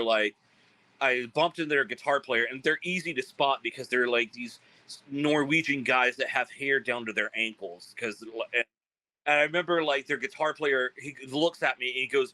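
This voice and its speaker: A man from South Carolina, a guest telling animated stories in a casual interview and acting out quoted voices. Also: mid-range voice, moderate pace, no echo, poor audio. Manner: animated, acts out quoted voices, many fillers. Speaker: guest, band frontman.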